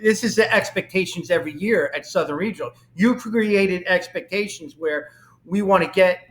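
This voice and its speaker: High-voiced enthusiastic man interviewing. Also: normal speed. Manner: enthusiastic, reads off career stats. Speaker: show host. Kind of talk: interview podcast.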